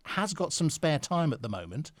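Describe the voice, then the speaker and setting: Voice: mid-range voice, very animated, moderate pace. A radio host chatting casually on air, laughing often and restarting sentences.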